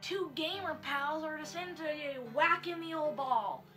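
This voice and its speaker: A young woman hosting a comedic review of spooky stories, slangy and deadpan. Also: high voice, unhurried, faint music behind. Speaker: host.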